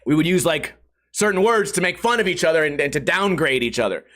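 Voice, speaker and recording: Animated, high-voiced man ranting. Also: fairly quick. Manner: animated storytelling with exaggerated quoted voices; profane, comedic. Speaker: podcast host. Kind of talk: casual solo podcast rant.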